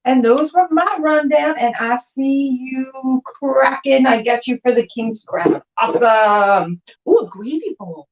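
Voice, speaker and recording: A woman's voice: high voice, a little slow, hardly any pauses, muffled recording. A woman chatting casually and enthusiastically while presenting items for sale, laughing often. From not from the South. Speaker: co-host glass seller. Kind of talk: casual live sale chat.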